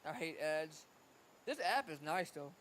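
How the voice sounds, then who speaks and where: A man with a fairly high voice talks unhurriedly while working through a language app. He sounds out words over and over and mutters to himself with easy frustration. A faint hiss runs underneath. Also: lively intonation, a little slow, fairly bright tone. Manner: easily frustrated, self-deprecating. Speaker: streamer. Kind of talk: casual commentary while practicing a language app.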